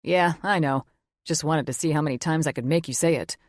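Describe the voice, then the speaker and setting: A woman voicing a blunt, teasing older father who booms and talks crude. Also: fairly quick, no room sound, studio quality. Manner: booming, crude, wisecracking.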